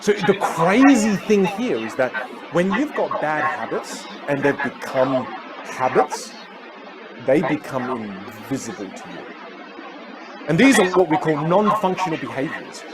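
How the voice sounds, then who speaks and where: Animated man coaching a live masterclass. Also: a little high, a little slow, a crowd in the background, noisy background. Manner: energetic, animated storytelling. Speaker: communication coach.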